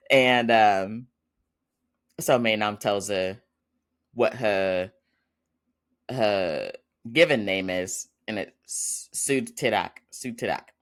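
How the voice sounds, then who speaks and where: Guy podcaster doing a casual episode recap, kinda low voice, rambly, lots of ums and little laughs. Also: very slow, pauses often, fairly bright tone. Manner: chatty, rambling, with frequent fillers and little laughs. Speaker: podcast host.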